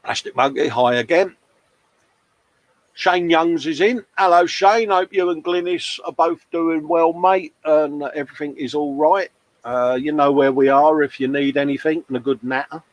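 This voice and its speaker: A man's voice: fairly high pitch, moderate pace, no echo, poor audio. A man hosting a live stream from his hobby bench, chatting casually, reading out viewer comments and laughing at himself. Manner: chatty, self-mocking, laughs often, calls people mate. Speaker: host of a live model-painting stream. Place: hobby workbench at home.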